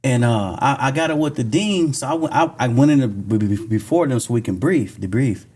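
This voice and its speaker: A man's voice: mid-range voice, expressive, brisk, darkish tone, husky. A man on a podcast casually telling a story about his school district work, with slang and fillers. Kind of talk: casual chat.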